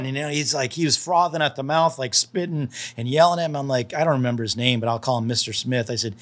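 Animated storytelling man, middle pitch. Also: quick pace, hardly any pauses. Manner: animated, acts out dialogue in the stories; repeats and restarts often. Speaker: land specialist. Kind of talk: casual storytelling in a podcast interview.

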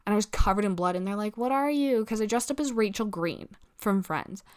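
A young woman rambling through a storytime vlog, filling every pause with "like" and tossing in swear words. Her voice sits at an ordinary middle pitch for a woman. She jumps into quick impressions of the people in her story. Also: animated. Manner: rambling, peppered with "like" and swearing, acts out quoted people. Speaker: vlogger. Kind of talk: casual storytime chat.

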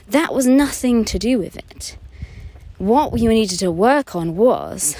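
A woman fertility therapist and coach talking in a casual podcast monologue. She is chatty and expressive and acts out her clients' voices, then softens to a near-whisper at tender points. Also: mid-range voice, measured pace, poor audio.

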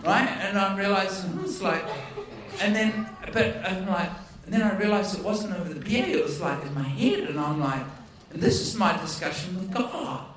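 A man preaching a storytelling sermon, animated and playful, acting out dialogue with self-deprecating humor. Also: sits high, normal speed, a little hiss or hum. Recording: echoey hall from far off.

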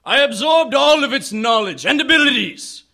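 Pompous alien cult master, high bright voice, slow and theatrical. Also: male voice, lively intonation, creaky, exaggerated voice. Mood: grandiose. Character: grandiose alien cult lord in a man's body. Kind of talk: audio drama acting.

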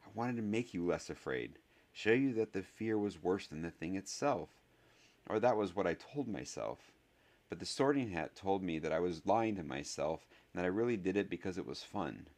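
An earnest boy of about eleven, intense and a little awkward, stumbling through words with halting ums, as a man reads him aloud in a storybook. The voice sits fairly low, only lightly lifted for the boy. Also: expressive, darkish tone. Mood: contrite. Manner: hesitant apology, faltering with ums.

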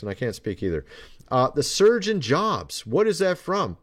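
A man's voice: on the high side, huge pitch swings, normal speed. A man hosting his own podcast, talking in a loose, rambling way and turning sarcastic often. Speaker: podcast host. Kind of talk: casual commentary monologue.

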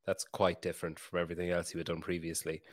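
A man's voice: deep voice, completely flat delivery, fast talker. A man hosting a podcast, talking in a laid-back way and swearing casually. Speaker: podcast host. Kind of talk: casual chat.

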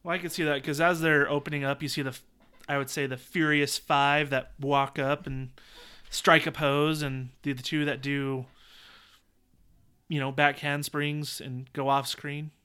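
A man's voice: on the high side, unhurried, smooth. A man co-hosting a podcast, chatting casually and jokily, acting out movie lines. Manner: animated, jokey, acts out movie lines. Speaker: podcast co-host. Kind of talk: casual chat.

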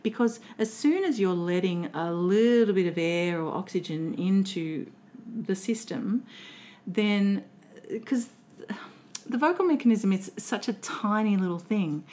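Australian woman voice coach, animated. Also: medium pitch, measured pace. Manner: animated, laughs often, restarts sentences. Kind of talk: casual interview chat.

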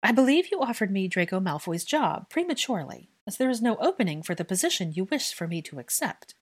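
A woman voicing a sharp-tongued, defiant young witch in a storybook reading, speaking crisply and forcefully. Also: medium pitch, very animated, brisk, voice pushed up.

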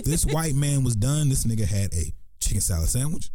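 A man's voice: medium pitch, brisk. A man, co-hosting a podcast, telling stories in a casual, profane way and acting out the people in them. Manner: animated, profane storytelling with voiced impressions. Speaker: podcast co-host. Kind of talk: casual storytelling chat.

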